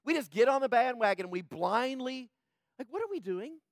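A male pastor delivers an impassioned sermon in a high voice. He swings from loud, urgent passages to quiet, hushed ones. The sound is close and dry. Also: expressive, fairly quick, dry recording.

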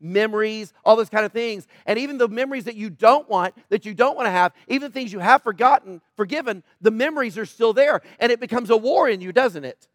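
A middle-aged man preaching a sermon in a conversational, sarcastic way, with quiet asides. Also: sits high, brisk, hardly any pauses, no room sound, studio quality. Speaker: pastor.

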